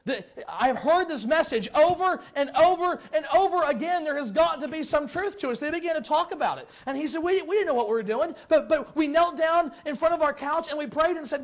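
A man's voice: very high-pitched, animated, a little fast, few pauses. A man preaching a sermon, telling a story and acting out the quoted voices with animation.

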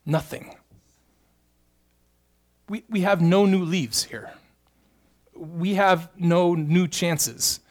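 A man's voice: high-pitched, drawn-out words, pauses often. A man preaching a sermon as pastor, earnest and emphatic, driving points home with repeated phrases.

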